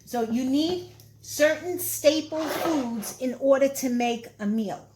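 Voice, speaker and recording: A woman's voice: high voice, takes it slowly, background noise. A woman with a Brooklyn accent giving a casual, chatty cooking how-to, rambling a little and repeating herself with fillers. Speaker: cooking vlogger.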